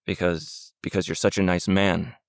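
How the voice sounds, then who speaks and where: A man's voice: sits low, little pitch movement, moderate pace, no echo. A man voicing a drugged male captive who speaks warily and with sarcasm. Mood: wary, defiant. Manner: wary, sarcastic, hoarse with dry mouth.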